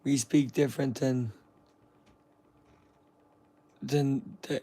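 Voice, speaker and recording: A man's voice: medium pitch, steady tone, normal speed. A young man from the United States chatting loosely while reacting to a broadcast, rambling, joking and calling people "bro". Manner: rambling, jokey, slangy, says "bro" a lot. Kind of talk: casual live-stream commentary.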